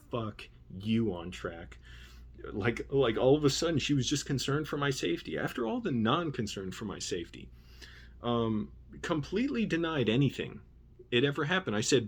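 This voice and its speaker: A man's voice: medium pitch, sing-song, moderate pace, husky. A man telling a story about his old job, casual, indignant and profane, with frequent trailing asides. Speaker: vlogger.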